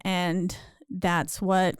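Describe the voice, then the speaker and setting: A woman's voice: fairly low pitch, level tone, drawn-out words, clear, resonant tone, dry recording. Woman, podcast co-host, dry close sound, blunt chatty recap. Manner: chatty, blunt, casually profane. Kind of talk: casual movie recap chat.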